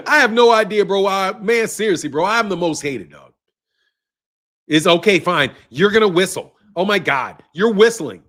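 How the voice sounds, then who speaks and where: High-voiced man ranting on a boxing livestream. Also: normal speed, long pauses, fairly bright tone. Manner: profane, laughing, repeats "bro". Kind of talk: casual livestream rant.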